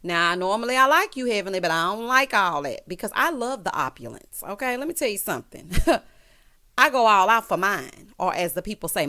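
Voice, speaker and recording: A woman's voice: mid-range voice, animated, moderate pace, bright, forceful tone. A woman recapping a reality show in a sassy, chatty way, talking straight to the cast. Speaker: recap vlogger.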